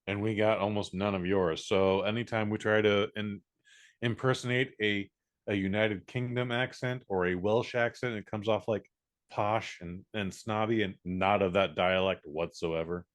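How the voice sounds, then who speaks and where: A man from the United States co-hosting a podcast in easygoing casual chat, hesitant, with many fillers. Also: fairly low pitch. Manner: easygoing, hesitant, lots of fillers and quick reactions. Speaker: podcast co-host.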